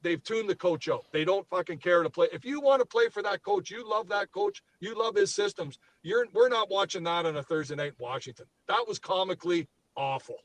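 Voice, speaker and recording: A man co-hosting a sports podcast in a fired-up rant. His voice sits a little high and he curses freely. He keeps pushing his point hard. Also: fairly quick, few pauses, rough recording. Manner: fired up, swears freely, ranting. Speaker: podcast co-host. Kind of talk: heated sports talk.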